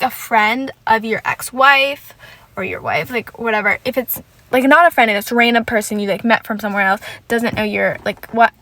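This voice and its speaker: A woman's voice: a little high, a bit bright, rough recording. A woman hosting a solo podcast, ranting in a casual, rambling way, swearing often and filling her talk with "like.". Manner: rambling, profane, heavy filler "like". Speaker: podcast host.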